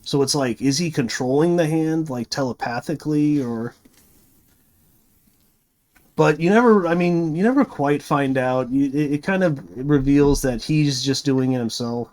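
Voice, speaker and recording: A man's voice: fairly high pitch, unhurried, a little mellow. A man reviewing a movie, retelling the plot in a rambling, casual way full of fillers and restarts.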